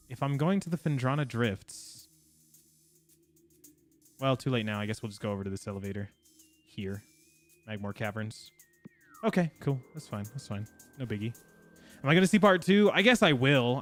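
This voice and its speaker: Rambling, chatty male game streamer. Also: mid-range voice. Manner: rambling, chatty, laughs often; talks to chat while playing. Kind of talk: casual live gameplay chat.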